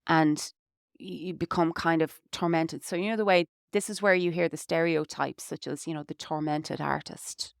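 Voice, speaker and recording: Irish woman chatting on a podcast, smooth lowish voice, lots of "you know", dry sound. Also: steady tone, normal speed, dry recording. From Ireland. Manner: reflective, many fillers like "you know". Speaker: podcast co-host. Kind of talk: casual podcast conversation.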